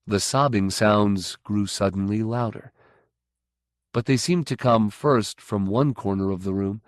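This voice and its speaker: Male audiobook narrator, measured and even, lowish voice. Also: no room sound, clean studio sound. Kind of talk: scripted narration.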